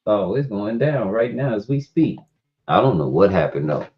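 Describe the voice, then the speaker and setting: Low-voiced man on a lo-fi stream. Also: very animated, normal speed. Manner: loose, rambling storytelling. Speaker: live stream host. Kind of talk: casual chat. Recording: dull lo-fi stream audio.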